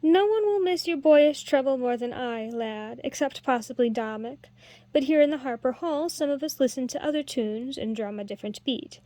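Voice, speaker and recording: A woman reading a storybook voices an older master harper, a man who speaks in a measured, kindly but authoritative way. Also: high voice, dark tone, no echo, natural voice.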